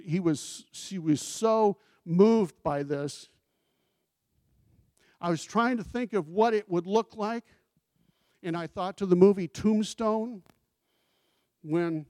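A man's voice: high voice, a little mellow, no room sound, clean studio sound. A male pastor preaching a sermon in a conversational way, asking the congregation questions and giving scripture quotes with emphasis.

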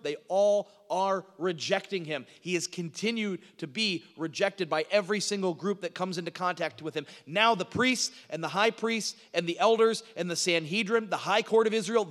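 Guy preaching a sermon, pretty high voice, repeats himself for emphasis, lots of stutter restarts, big echoey hall sound. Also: moderate pace, hardly any pauses, fairly bright tone. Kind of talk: expository sermon. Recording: long hall reverb.

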